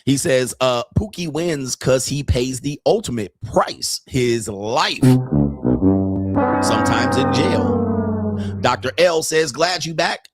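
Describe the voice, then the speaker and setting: A man's voice: mid-range voice, unhurried, hardly any pauses, faint music behind. A man hosting a livestream, reading chat messages aloud and giving blunt, preachy commentary in a casual, slangy way that repeats itself.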